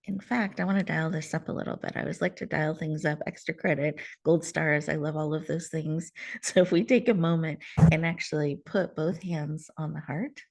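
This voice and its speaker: Woman host, calm guided-breathing coach, lower voice, soothing, over a video call. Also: moderate pace, vocal fry. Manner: soothing, warm coaching with soft laughs, drops to whispers. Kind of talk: gentle guided mindfulness talk.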